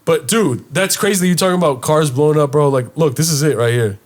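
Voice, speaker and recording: A young adult man on a casual podcast, an animated storyteller who swears freely and jumps into high voices as he acts out what people said. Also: fast talker. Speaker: podcast co-host.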